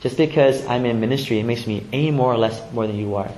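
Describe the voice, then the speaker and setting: A man preaching a sermon as pastor, in a casual, conversational way that swings between hushed emphasis and lively bursts. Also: mid-range voice, fast talker, roomy sound, a little hiss or hum, rough recording. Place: church sanctuary.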